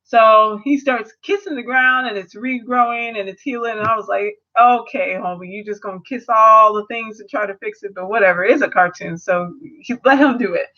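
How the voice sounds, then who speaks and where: Young woman, casual reviewer, lively storyteller, slightly dull lo-fi home audio. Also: a little high, moderate pace. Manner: animated, acts out characters in quotes. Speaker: video reviewer.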